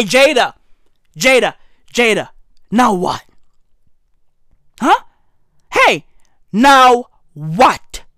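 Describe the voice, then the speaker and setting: A man giving a comedic, profane news rant. He is hoarse from losing his voice and keeps tossing in "right?" and "bruh". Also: high-pitched, a bit bright, no echo, clean studio sound. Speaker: commentary vlogger.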